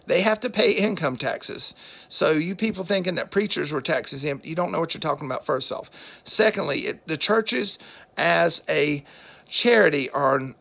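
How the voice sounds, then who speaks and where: A man's voice: a little high, gravelly, a bit bright. A man giving a rambling, opinionated political monologue to camera, preachy in tone and often losing his thread with fillers. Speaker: political vlogger.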